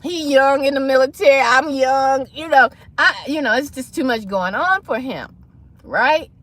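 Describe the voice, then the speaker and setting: In a casual livestream, a woman host tells a personal story with animated, dramatic flair, acting out the voices of the people in it. Her voice sits high and moves at a moderate pace, with no echo.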